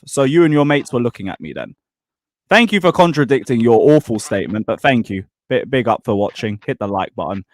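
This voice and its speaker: A man's voice: medium pitch, big pitch swings, fairly quick, no echo. A man hosting a live football stream, reading out donations and teasing the chat. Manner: reads donations, teasing banter. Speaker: channel host.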